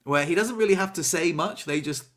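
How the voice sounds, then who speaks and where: A man in casual chat, telling an animated story and acting out what people said. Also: on the high side, a little fast. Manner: animated storyteller, acts out quotes, laughs.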